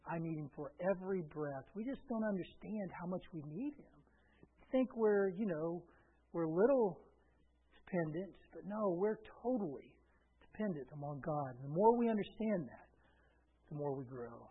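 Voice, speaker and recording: High-voiced preacher on a tinny radio line. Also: male voice, animated, normal speed, a little hiss or hum. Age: middle-aged. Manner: swings from hushed to loud, repeating phrases. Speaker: pastor. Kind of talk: sermon. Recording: phone-like radio broadcast.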